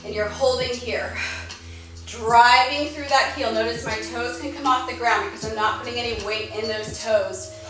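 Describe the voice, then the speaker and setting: A woman leading a live-streamed yoga class, out of breath, giving brisk cues and counting down the holds. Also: fairly high pitch, steady tone. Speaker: fitness instructor. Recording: echoey room, far from the mic, music behind. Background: workout music.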